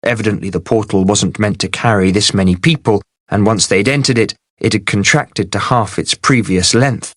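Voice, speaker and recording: A man with a fairly low voice reads a fantasy novel aloud in a steady, measured way. The sound is dry and close, with no room around it. It is a plain audiobook narration. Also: no room sound.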